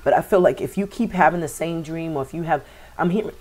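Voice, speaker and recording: A woman with a low voice gives a tarot reading to her viewers. She wanders from thought to thought, repeating words and filling pauses with "um" and "you know.". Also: a little mellow. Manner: meandering, repeats words, many fillers. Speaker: tarot reader.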